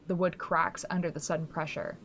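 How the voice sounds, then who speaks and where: A woman narrating a horror audio drama in a quiet, measured storytelling manner. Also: low voice, fairly even intonation, big-room sound.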